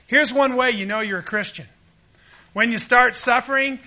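A man's voice: very high-pitched, normal speed, bright, forceful tone, muffled recording. A man preaching a sermon with emphatic, fervent delivery, often calling out to his listeners for agreement. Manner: emphatic, rising to fervent peaks, asks the audience "Amen?".

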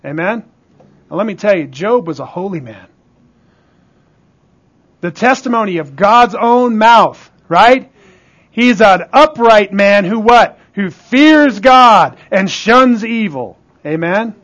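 Male pastor, high voice, emphatic sermon delivery, call-and-response. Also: animated, slow, fairly bright tone.

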